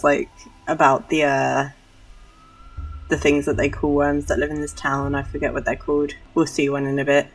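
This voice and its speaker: Brief: casual woman game streamer, low voice, thoughtful rambling, slightly distant mic. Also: little pitch movement, moderate pace, no echo. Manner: rambling, musing, self-deprecating. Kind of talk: casual gameplay commentary.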